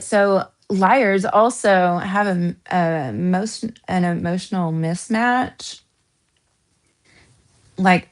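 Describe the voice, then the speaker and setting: A woman from the American South with a Southern accent, hosting a casual true crime chat, giggly with lots of ums and restarts. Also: fairly low pitch. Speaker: true crime channel host.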